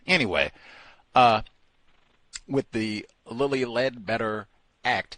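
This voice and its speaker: Animated man mocking in commentary. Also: on the low side, slow, pauses often, no room sound. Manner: lively, mocking, acts out voices in his own telling. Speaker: co-host of a call-in talk show.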